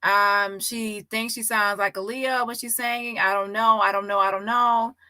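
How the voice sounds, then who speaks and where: Bright, dry-sounding woman reacting loudly. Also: mid-range voice, moderate pace, no room sound. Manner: animated, laughs often, loud exclamations. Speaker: reaction commentator. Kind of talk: casual reaction commentary.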